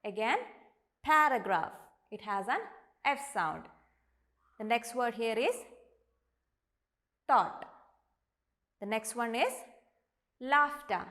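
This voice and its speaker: A woman teacher with an Indian English accent, giving an online lesson and sounding out each word slowly and deliberately. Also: fairly high pitch, fairly bright tone. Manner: slow, deliberate, models each word aloud.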